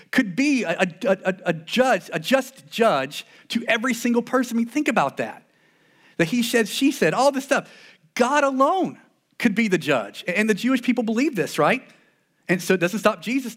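Male pastor, high voice, earnest conversational sermon delivery with frequent restarts. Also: a bit bright.

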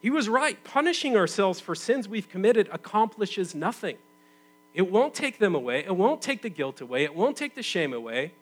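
A man in his thirties preaching in a relaxed, conversational way, with a voice sitting a bit high for a man. He leans hard into some phrases, then drops low and quiet to draw listeners in. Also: moderate pace, rough recording. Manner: conversational, swings from loud emphatic bursts to quiet intimate tones. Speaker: pastor. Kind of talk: sermon.

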